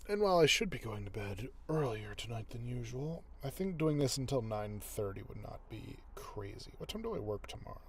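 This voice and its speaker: A man's voice: mid-range voice, very animated, brisk, few pauses, slight background noise. A tired man who narrates audiobooks, talking to himself as he edits one, often drifting into whispers. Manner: muttering thoughts aloud, drifting into whispers. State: tired, yawning. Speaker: audiobook narrator editing his recording. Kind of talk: casual talk-along while editing.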